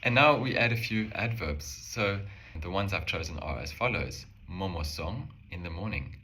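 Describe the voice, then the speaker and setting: A man calmly explaining a language lesson step by step, slowing down to say example phrases. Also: sits low, a little hiss or hum. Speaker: language teacher.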